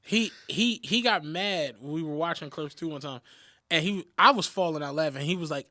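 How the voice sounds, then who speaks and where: A man's voice: fairly high pitch, moderate pace, sharp tone, dry recording, studio quality. A man co-hosting a podcast, chatting casually and telling stories in loose, profane slang. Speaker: podcast co-host. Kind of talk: casual chat.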